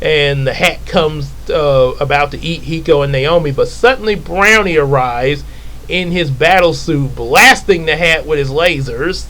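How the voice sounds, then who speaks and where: A man's voice: on the high side, moderate pace, fairly bright tone, poor audio. A man casually retelling his comic book, rambling into asides and correcting himself.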